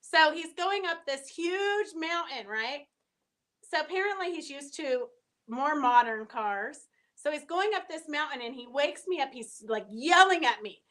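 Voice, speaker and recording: A woman's voice: high voice, animated, measured pace, fairly bright tone. A middle-aged woman chatting casually on a live stream, answering viewer comments and telling stories with lots of fillers. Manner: chatty, storytelling, many fillers.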